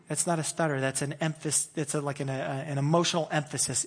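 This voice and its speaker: A high-voiced pastor delivers a sermon fast and with few pauses, keeping a steady tone while talking conversationally. He swings from fervent bursts to quiet, hushed stretches, his voice ringing out in a hall with long reverb.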